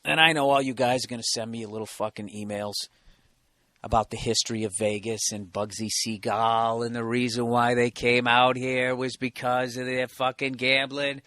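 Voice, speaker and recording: A man's voice: mid-range voice, flat delivery, moderate pace, sharp tone, no echo. A man hosting his own podcast from a hotel room, ranting in a sarcastic, profane, rambling way. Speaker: podcast host. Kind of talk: solo comedic podcast rant.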